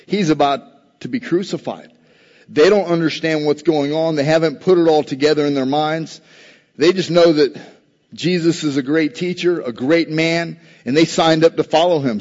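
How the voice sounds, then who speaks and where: A man's voice: fairly high pitch, a little mellow. A man preaching a sermon as pastor, earnest and building emphasis on scripture quotes. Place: church sanctuary. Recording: dull, long-reverb church recording.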